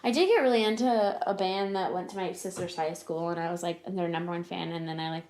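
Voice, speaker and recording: A woman's voice: on the low side, fast, a little mellow. A young woman from Virginia, co-hosting a podcast in casual chat, rambling through stories and teasing back. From Virginia, USA. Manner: chatty, rambling storyteller who teases back. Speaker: podcast co-host. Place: room at home. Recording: roomy echo.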